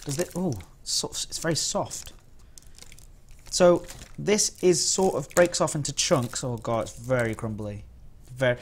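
A man's voice: medium pitch, measured pace, slight background noise. Chatty, jokey man on stream. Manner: chatty, jokey, rambling with restarts. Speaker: streamer reviewing biscuits. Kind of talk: casual live-stream chat.

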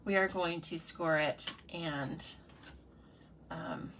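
A woman's voice: low-pitched, slow pace, very noisy. A woman demonstrating card-making in a casual live tutorial, chatty and playful, talking to herself and her viewers. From United States.

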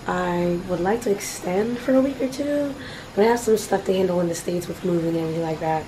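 A woman's voice: lowish voice, lively intonation, brisk. A woman travel vlogger chatting casually on camera, rambling with fillers and losing her voice. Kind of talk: casual vlog narration. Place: outdoors on a busy city street and beach. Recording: loud outdoor street noise. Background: loud city traffic and street noise.

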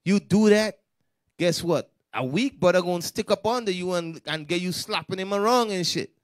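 A man leading a street-style Bible lesson in slangy, animated talk, acting out the voices of the people in the text. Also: high voice, normal speed, no room sound, clean studio sound. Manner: slangy, animated, acts out quoted speech. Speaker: Bible study teacher.

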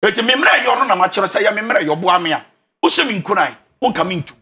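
A man's voice: high voice, lively intonation, fast talker, sharp tone. A man with a Ghanaian accent, a relationship counselor who gives advice in an emphatic, preacher-like way and repeats his key phrases. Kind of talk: animated counseling talk.

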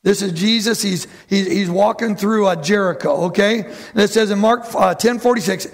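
A man preaching a lively sermon to his church, who acts out the voices of bible figures and calls out to the congregation. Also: high-pitched, normal speed, creaky. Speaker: pastor.

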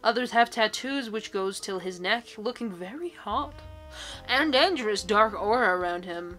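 Bright-voiced sarcastic young woman. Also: medium pitch, lively intonation, moderate pace, faint music behind. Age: 20s. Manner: sarcastic, with incredulous outbursts. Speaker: YouTuber. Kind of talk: reading and reacting to social media posts.

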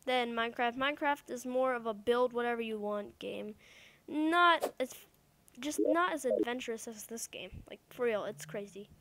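A woman giving casual, excitable let's-play commentary, talking to the game's creatures and repeating words as she plays. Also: a little high, normal speed. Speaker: gamer.

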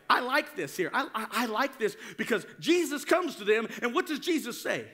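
A man's voice: high voice, sing-song, a little fast, bright, forceful tone. A man preaching a sermon as pastor, fervent, drawing call-and-response from the congregation.

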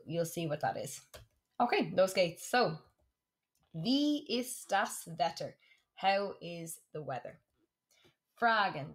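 A woman teaching a German lesson, saying words slowly and clearly and repeating them for practice. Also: lowish voice. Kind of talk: classroom lesson for students.

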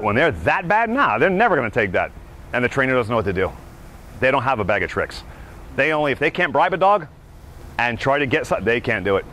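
Animated male dog trainer. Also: medium pitch, fast talker, slight background noise. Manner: animated, acts out dogs' thoughts, keeps asking "right?". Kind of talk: teaching a class.

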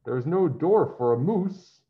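A man's voice: on the high side, expressive, unhurried, voice pushed up. A man voicing a naive, cheerful young male moose who talks in an eager, childlike way. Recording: dull lo-fi sound.

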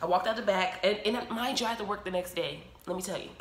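A woman vlogger telling a personal story in a casual, animated way and acting out what people said. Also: medium pitch, quick pace, noisy background. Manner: animated, emotional, acts out quoted dialogue. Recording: roomy echo.

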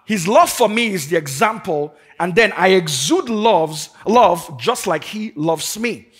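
A man's voice: sits high, animated, unhurried, fairly bright tone, breathy edge. A man preaching a sermon to a congregation as pastor, emphatic and fervent, leading the people in call and response. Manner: emphatic, building to fervent declarations. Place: church service before a congregation.

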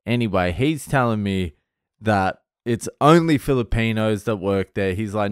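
A man's voice: lowish voice, lively intonation, measured pace, clear, resonant tone, dry recording, clean studio sound. Blunt, swearing Australian man. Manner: blunt, swears a lot, rambling storytelling. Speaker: vlogger. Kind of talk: casual monologue vlog.

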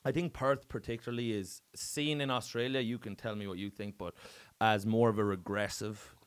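A man's voice: on the low side, fairly even intonation, normal speed, clean tone. A man with an Irish accent, a comedian chatting casually as a guest and telling stories, swearing freely with bursts of emphasis. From Ireland. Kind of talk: casual chat.

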